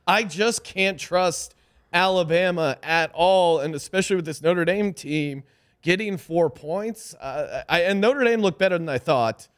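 Lively betting-show host, higher male voice, loose and jokey. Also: a little slow. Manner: animated, reads ads loosely and jokes. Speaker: podcast host. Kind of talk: casual sports betting chat.

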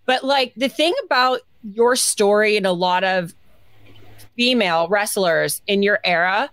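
A woman's voice: medium pitch, unhurried, fairly bright tone, clean tone, dry recording. Earnest woman co-host, dry close sound. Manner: earnest, heartfelt, near tears. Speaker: podcast co-host. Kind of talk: casual chat.

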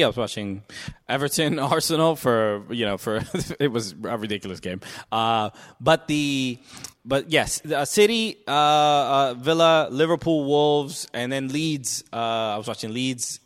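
Guy co-hosting a soccer livestream, mid pitch, lots of uh and restarts. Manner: halting, many fillers and restarts. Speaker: co-host of a soccer show. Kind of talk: casual sports chat.

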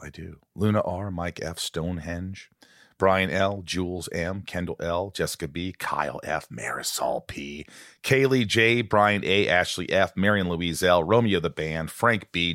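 Man, middle-aged, podcast host, very deep voice, playful, joking, dry close sound. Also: fairly bright tone, dry recording. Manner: playful, joking, reads names quickly. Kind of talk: casual chat.

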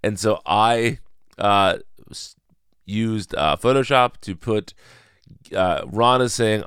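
A man's voice: lowish voice, slow, a bit bright, clear, resonant tone, no room sound, clean studio sound. A man hosting a casual solo podcast, rambling and correcting himself with a chuckle. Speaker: podcast host.

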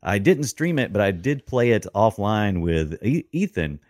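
A man's voice: lowish voice, very animated, measured pace, darkish tone, dry recording, studio quality. A man co-hosting a podcast, chatting casually and making playful, jokey interjections. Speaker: podcast co-host. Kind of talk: casual gaming chat.

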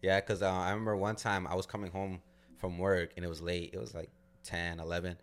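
A man's voice: low-pitched, flat delivery, fairly quick. A man co-hosting a podcast, telling a story in loose, profane casual chat full of "like" fillers. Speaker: podcast co-host.

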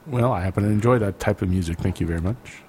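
A man's voice: fairly low pitch, quick pace, darkish tone, husky. A man co-hosting a casual podcast, laughing often and restarting his sentences. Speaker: podcast co-host.

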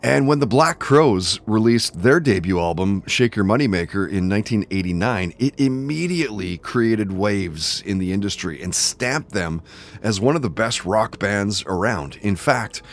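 A man's voice: lowish voice, expressive, moderate pace, slight background noise. A man hosting a podcast, reading a guest introduction and chatting in an easygoing way. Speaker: podcast host. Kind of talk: casual chat and scripted guest introduction.

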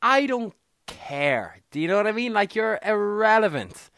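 A man's voice: high voice, big pitch swings, a little slow, vocal fry, a bit bright. A man co-hosting a podcast in casual chat, who keeps adding "do you know what I mean?". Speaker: podcast co-host.

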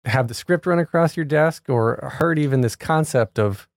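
A man hosting an interview, curious and enthusiastic, quick to laugh with his guest. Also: fairly high pitch, dry recording, clean studio sound. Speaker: podcast host. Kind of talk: casual interview chat.

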